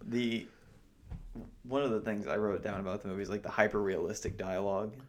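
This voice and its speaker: A man co-hosting a casual film podcast, animated and profane, acting out scenes. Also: lowish voice, fairly quick, slight background noise. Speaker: podcast co-host.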